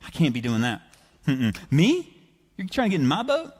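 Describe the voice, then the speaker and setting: A man's voice: fairly high pitch, very animated, fast talker, husky. A man voicing an anxious male fisherman who makes excuses, whiny and exaggerated. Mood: incredulous. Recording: reverberant church hall.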